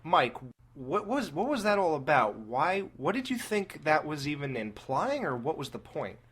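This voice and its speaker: A man co-hosting a casual movie review chat, animated and laughing at his own slips. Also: fairly high pitch, normal speed, slightly rough. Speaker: podcast co-host.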